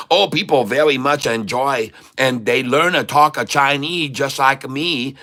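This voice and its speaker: A man's voice: medium pitch, a little slow, pushed and bright. A man voicing a boastful male stock-picker persona who talks in clipped, broken English on a comic livestream.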